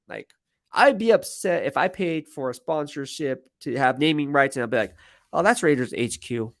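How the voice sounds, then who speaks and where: A man's voice: fairly high pitch, vocal fry, no echo, studio quality. A man, a sports team reporter, hosting a casual live-stream Q&A from a media workroom and rambling in a self-deprecating way.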